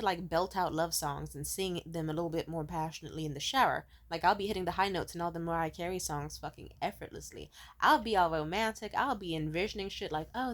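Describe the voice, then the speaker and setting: Speaking casually into the camera, this vlogger, a woman in her twenties, shares stories from her own life. Her volume jumps between loud enthusiasm and hushed, low-voiced asides, and she swears without restraint.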